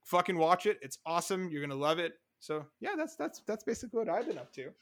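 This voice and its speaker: A man hosting a podcast in casual chat, excitable and quick, swearing now and then. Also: high-pitched. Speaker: podcast host.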